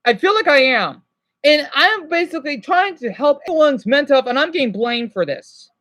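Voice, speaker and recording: A man's voice: very high voice, animated, normal speed, bright, forceful tone. A stressed man vlogging, ranting to his viewers in an agitated, rambling way, swearing and then apologizing. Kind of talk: unscripted emotional rant to viewers.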